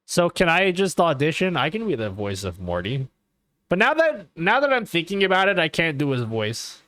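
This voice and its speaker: Guy streamer rambling to chat, cusses a lot, bouncy lively voice, kinda high. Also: moderate pace, no echo. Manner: rambling and profane, keeps asking okay. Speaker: livestreamer. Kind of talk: casual live-stream chat.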